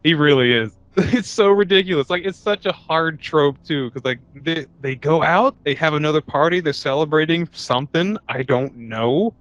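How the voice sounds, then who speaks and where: A man co-hosting a casual movie-and-beer podcast, joking and crude, laughing loudly. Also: on the high side, moderate pace, highs cut off. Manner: loud bursts of laughter, jokey and crude. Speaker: podcast co-host.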